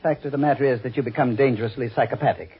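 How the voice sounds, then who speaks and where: An actor playing a calm, icily threatening middle-aged stepfather in a 1940s radio drama. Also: mid-range voice, racing, breathy edge. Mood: menacing. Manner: calm, icy, quietly threatening. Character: cold, menacing middle-aged stepfather with a knife. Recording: dull old radio recording.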